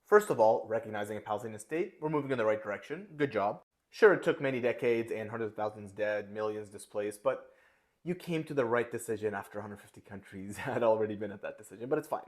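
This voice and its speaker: A man's voice: lowish voice, animated, fast. A man giving casual commentary, reacting with sarcastic, wry asides.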